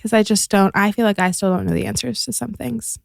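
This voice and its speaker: A woman's voice: medium pitch, steady tone, a little fast, gravelly, no echo, clean studio sound. A young adult woman chatting as a podcast guest, talkative and full of fillers like "like" and "um". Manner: chatty, filler-heavy, giggly. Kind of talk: casual chat.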